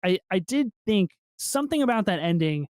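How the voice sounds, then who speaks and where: A man co-hosting a podcast in casual film review chat, excitable and swearing freely as he acts out movie lines. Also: high-pitched, fairly quick, no echo, clean studio sound. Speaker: podcast co-host.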